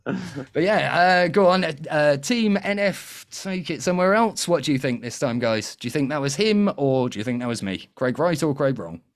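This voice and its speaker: A man's voice: fairly high pitch, expressive, normal speed. A man hosting a comedic panel quiz show in a cheeky, chatty way, laughing often.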